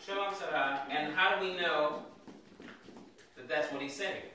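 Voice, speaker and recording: Bright-voiced man teaching in an echoey room. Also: fairly high pitch, unhurried, far from the mic, slight background noise. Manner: checks understanding with frequent "okay?". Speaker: Hebrew teacher. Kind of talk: classroom lesson with questions to students. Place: classroom.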